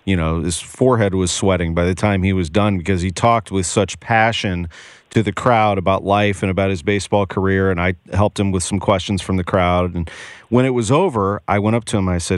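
Male radio host, low voice, dry studio sound, earnest and upbeat. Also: brisk, no echo. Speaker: radio sports talk host. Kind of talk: radio talk show hosting.

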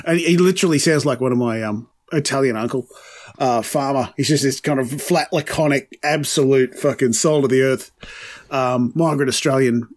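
A man with a British accent softened by New Zealand vowels, co-hosting a casual music podcast with sweary banter. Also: medium pitch, moderate pace. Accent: British with slight New Zealand vowels. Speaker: podcast co-host. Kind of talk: casual chat.

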